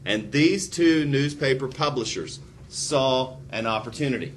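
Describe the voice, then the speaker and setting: A male history lecturer talks through his material in an animated, theatrical way. He keeps a middle-pitched voice, drops in wry, sarcastic asides, and a faint hiss sits under the recording. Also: measured pace. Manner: animated, acts out quotes with big pitch jumps.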